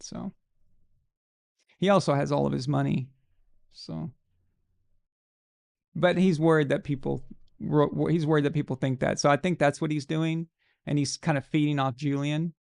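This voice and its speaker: A man with a fairly high voice and a gravelly, fried edge hosts a live show. He rants bluntly and casually about sports, swearing freely. The sound is dry and close. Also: fairly even intonation, moderate pace, pauses often, darkish tone, no echo.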